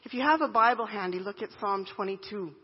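A woman in her thirties, a pastor, preaching a sermon in an earnest, emphatic way with deliberate pauses. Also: medium pitch, husky. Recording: dull sound with long hall reverb.

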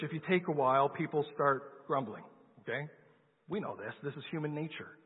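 A man preaches a sermon, telling a Bible story conversationally and asking his listeners questions. His fairly high voice is expressive and breathy-edged, at a moderate pace. The recording sounds lo-fi and phone-like, with long hall reverb.

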